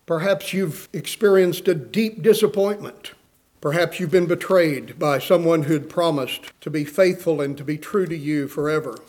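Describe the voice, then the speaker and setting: A man's voice: a little high, moderate pace, a little mellow. A man preaching a sermon in a slightly raised voice. He talks in a rhythmic preaching cadence that swells into pleading outbursts. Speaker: pastor.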